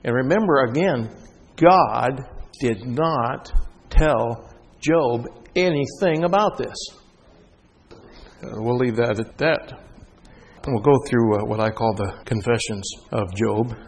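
Male pastor, animated sermon delivery, mid pitch, long hall reverb. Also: slow, long pauses, husky. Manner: animated preaching, rising and loud at high points, dropping soft for stories.

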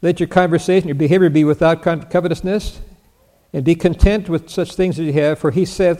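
A man's voice: fairly high pitch, moderate pace, pauses often, a little mellow. An older man preaching a sermon, teaching Bible verses, asking his listeners questions, answering them himself and chuckling as he goes. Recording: long reverb of a large hall.

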